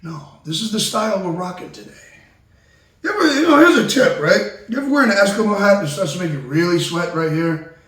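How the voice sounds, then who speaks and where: A male host rants and curses in a wildly animated voice that jumps around in pitch. He talks from some distance to the mic. The room rings with a lot of echo. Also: brisk. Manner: loud, excitable, cursing, swings between ranting and sentimental. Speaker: talk show host. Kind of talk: comedic talk show rant.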